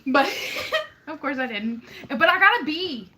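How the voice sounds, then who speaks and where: Young woman co-host, high and bright, animated laughing storyteller in casual chat. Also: unhurried, slight background noise. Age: 20s. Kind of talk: casual chat, reading live chat.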